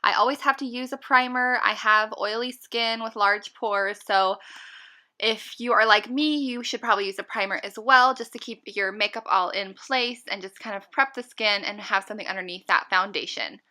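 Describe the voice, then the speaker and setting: A woman's voice: mid-range voice, moderate pace, sharp tone. A woman beauty vlogger giving a casual, upbeat makeup tutorial, chatty and full of fillers.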